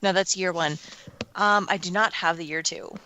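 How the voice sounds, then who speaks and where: A woman co-hosting a podcast, chatting casually and answering in short, relaxed remarks. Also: on the low side, moderate pace, no room sound. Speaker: podcast co-host. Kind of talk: casual chat.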